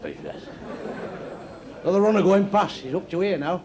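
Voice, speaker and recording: A man's voice: sits high, huge pitch swings, unhurried, long pauses, a little mellow, some chatter behind, poor audio. A man telling crude, swearing-heavy stand-up jokes to a club audience, recorded live. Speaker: stand-up comedian.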